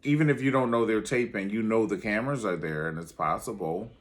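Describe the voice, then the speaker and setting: A man's voice: on the low side, fairly quick. A man giving casual, dramatic commentary on a reality show, sassy and calling the listener honey. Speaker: reality TV reviewer.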